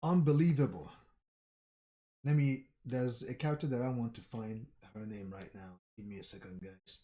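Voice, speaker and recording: A man reading a comic aloud with live commentary. He thinks out loud and often repeats his phrases. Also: medium pitch, normal speed. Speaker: manga reaction streamer.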